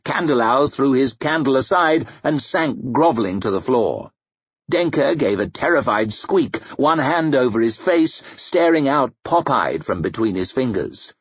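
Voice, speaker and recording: A man reading an audiobook in a dramatic, expressive, measured way. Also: mid-range voice, breathy edge, dry recording, lo-fi sound. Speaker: audiobook reader.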